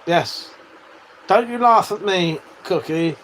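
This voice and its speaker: A man's voice: high voice, slow, a bit bright, slight background noise. An English man in his forties chatting casually on a live stream, reading out viewer comments, laughing and swearing as he banters. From England. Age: 40s.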